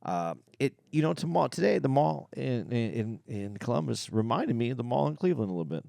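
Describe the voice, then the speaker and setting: A man's voice: medium pitch, big pitch swings, fairly quick, creaky, dark tone, dry recording. A man co-hosting a comedy podcast who rambles, stammers through restarts and pokes fun at himself, close on a studio mic. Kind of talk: casual comedic banter.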